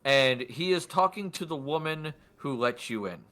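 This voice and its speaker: A man's voice: medium pitch, animated, normal speed, fairly bright tone. A man narrating a tabletop game as game master in a casual, rambling way, muttering to himself at times.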